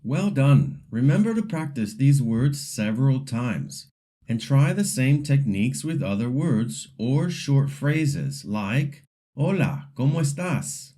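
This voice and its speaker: A man teaching pronunciation in a scripted lesson, saying model words slowly and deliberately so learners can repeat them. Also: medium pitch, lively intonation, dark tone.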